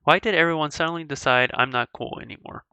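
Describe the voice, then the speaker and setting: A woman's voice: low voice, quick pace, bright, forceful tone, smooth, dry recording. A woman voicing a hurt, sarcastic teenage girl in video game dialogue read aloud, dejected and self-mocking. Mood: upset.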